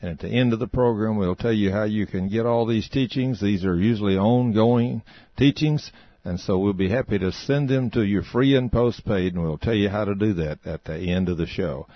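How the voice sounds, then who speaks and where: A man hosting a radio ministry program, giving an earnest, steady introduction before the teaching. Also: lowish voice, moderate pace, no room sound, dull audio.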